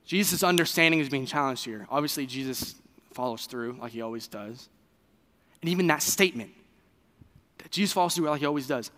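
A man preaching a sermon in a conversational, animated way, with fillers and restarts. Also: mid-range voice, a little fast, long reverb tail. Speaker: pastor.

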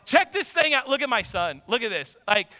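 A man in his thirties preaching a sermon, his voice pitched very high with a bright, forceful edge. He drops into low, quick asides, then climbs to shouted emphasis. A long church-hall reverb trails behind his words. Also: very animated. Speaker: pastor. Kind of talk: sermon with personal story. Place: church sanctuary.

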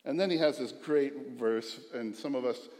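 A middle-aged man preaching a sermon as pastor, earnest, dropping to a hush and rising to emphatic. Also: mid-range voice, normal speed. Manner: earnest, swings from hushed to emphatic. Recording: echoey hall with long reverb.

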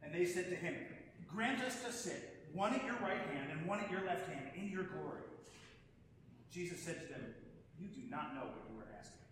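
A man with a high-pitched voice reads scripture slowly and deliberately during a church service. His words ring out in a very echoey sanctuary with a long reverb tail. A clear layer of background noise sits under the recording. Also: animated. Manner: measured, unhurried reading. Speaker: scripture reader. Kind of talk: liturgical gospel reading.

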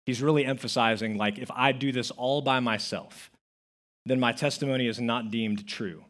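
A man's voice: mid-range voice, steady tone, normal speed, fairly bright tone. A man preaching a sermon as pastor, telling stories with acted-out quotes and stressing key words. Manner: storytelling with acted-out quotes, emphatic.

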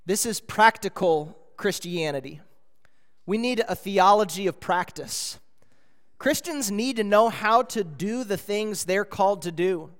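A man's voice: sits high, a bit bright. A man preaching a sermon as pastor, emphatic, with repeated rhetorical questions. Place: church sanctuary. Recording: church hall reverb.

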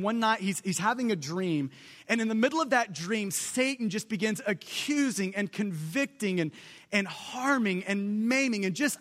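Very high-voiced male preacher in a hall. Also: a bit bright. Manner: emphatic, building lists of repeated phrases. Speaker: pastor. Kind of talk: sermon. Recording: long hall reverb.

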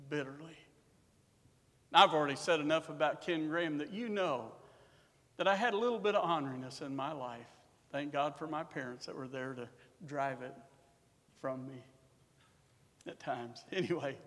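High-voiced man preaching in a hall. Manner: swings from quiet to loud preaching, quotes scripture in old English. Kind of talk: revival sermon. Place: church.

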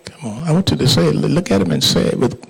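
Gravelly, husky preaching man, slow and fervent. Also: a little high, lively intonation, poor audio. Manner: fervent prayer, dropping to hushed whispers and tongues. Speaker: pastor. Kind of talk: sermon with closing prayer. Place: church sanctuary.

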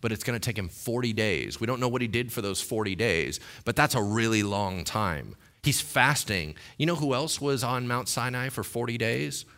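At a moderate pace with few pauses, a man preaches a sermon in a relaxed, chatty style, putting questions to the congregation and voicing characters from the text. His delivery climbs into loud, high-pitched exhortation.

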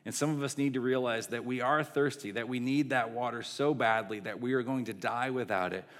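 A man's voice: mid-range voice, fairly quick. A man preaching a sermon as a pastor, conversational, with fillers and self-corrections. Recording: long hall reverb.

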